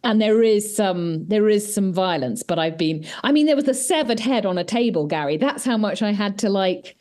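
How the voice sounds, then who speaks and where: A woman's voice: mid-range voice, animated, normal speed, a little mellow. A woman co-hosting a podcast in casual chat, giggly and prone to wandering off on tangents. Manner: chatty, giggly, trails off into tangents. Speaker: podcast co-host.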